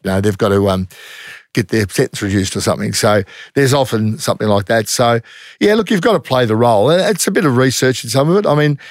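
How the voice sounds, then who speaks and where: A middle-aged Australian man speaking bluntly and without fuss, with plenty of slang in his stories. His voice sits at a middle pitch. The recording is dry, with no room echo. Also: expressive, quick pace. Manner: blunt, matter-of-fact, slangy, acts out quoted voices. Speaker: former undercover police officer. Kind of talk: casual interview storytelling.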